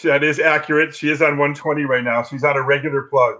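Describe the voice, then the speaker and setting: A man with a slightly high voice talks as a guest on a video call. He tells anecdotes in a lively way, often restarting phrases. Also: fast, rough recording. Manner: animated storytelling with restarts. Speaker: guest, philosophy teacher. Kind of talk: casual interview talk.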